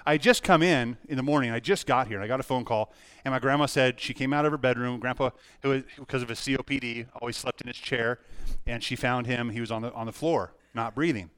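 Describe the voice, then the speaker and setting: A man's voice: medium pitch, quick pace, a bit bright, clear, resonant tone, dry recording. Earnest man preaching a sermon. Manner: personal, earnest storytelling with many restarts. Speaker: pastor.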